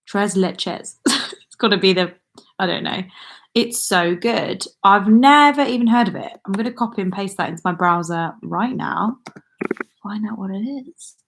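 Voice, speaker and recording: At home indoors with a laptop, a young woman hosts a YouTube livestream, chatting casually, reading viewer comments aloud and rambling with plenty of ums and small laughs. Her voice is mid-range at a moderate pace, with slight background noise.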